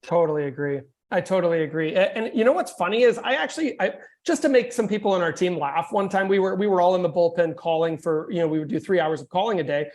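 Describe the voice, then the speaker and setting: A man coaching real estate agents on a video call, energetic and joking in a casual, conversational way. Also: high voice, quick pace, few pauses.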